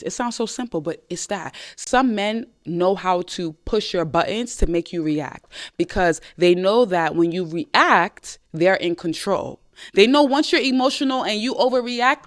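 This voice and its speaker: A woman's voice: medium pitch, expressive, moderate pace. Emphatic woman podcast host giving advice. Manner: emphatic, repetitive, addresses listeners directly; acts out short quoted lines in conversation. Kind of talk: casual advice talk to listeners.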